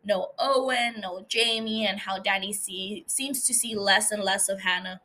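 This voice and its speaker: Bright-voiced woman recapping with giggles. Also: medium pitch, steady tone, unhurried. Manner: chatty, giggly, filler-heavy storytelling. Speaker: podcast host recapping a series. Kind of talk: casual episode recap.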